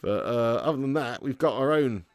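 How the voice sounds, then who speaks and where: A man's voice: mid-range voice, normal speed, dry recording. A man with a casual, laughing manner hosts a football watch-along stream, swearing freely and reading viewers' messages aloud. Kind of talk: casual live-stream chat.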